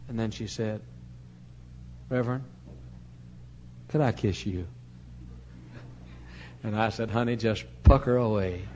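This older preacher speaks slowly in a fairly low voice, leaving long pauses as he tells a story within his sermon. He acts out both speakers in a conversation and laughs as he talks, heard through lo-fi sound with slight background noise.

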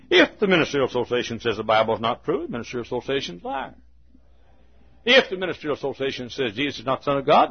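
An older preacher with a husky voice delivers a folksy sermon, chuckling between lines. He drops to near-whispers, then climbs to ringing, emphatic peaks. The recording sounds a little dull and muffled. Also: medium pitch, big pitch swings, fast talker. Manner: folksy storytelling preacher, chuckling, swinging from hushed to shouting. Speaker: pastor. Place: church.

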